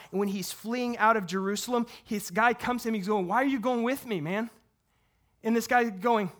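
A man who is a pastor, preaching a sermon in an earnest way and talking straight to his congregation, swinging from hushed to loud and fervent. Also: sits high. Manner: talks to the congregation directly, asks questions.

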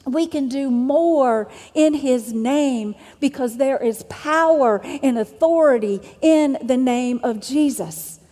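High-pitched woman preaching slow, punchy repeated lines, big echoey hall. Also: mellow. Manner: emphatic, repetitive preaching cadence. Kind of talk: sermon.

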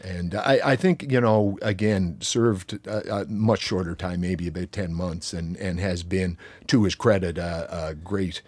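An older man hosts a relaxed hockey conversation, his voice low and husky. He trips over and repeats words while reciting old stats and player names. The sound is dry and close. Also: a little slow, hardly any pauses, no echo. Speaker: podcast host. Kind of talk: casual hockey chat.

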